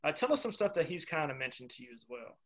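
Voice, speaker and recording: A man's voice: on the high side, very animated, fast talker, a crowd in the background. A man hosting an interview, speaking in an encouraging, affirming way. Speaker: interview host. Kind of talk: podcast interview.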